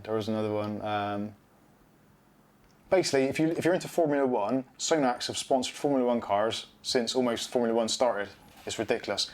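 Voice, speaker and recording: A middle-aged British man hosting a casual live stream, rambling chattily and reading out viewer comments. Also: mid-range voice.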